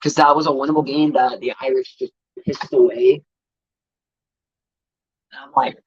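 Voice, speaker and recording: A man's voice: medium pitch, little pitch movement, normal speed, pauses often, husky, no room sound. A man on a casual live stream, ranting about college football, swearing heatedly and greeting chat viewers. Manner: profane, heated sports ranting. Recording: dry, slightly dull mic sound.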